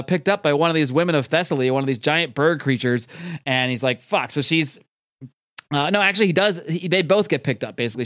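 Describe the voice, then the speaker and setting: A man's voice: mid-range voice, fairly bright tone, smooth, no room sound, studio quality. A man casually recapping a comic book in a loose, rambling, profane way.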